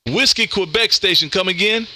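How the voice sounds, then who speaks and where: This is casual radio talk from a man running a ham radio live stream, cheerful and relaxed, addressing everyone as "man." He has a high voice and a moderate pace, and heavy noise fills the background.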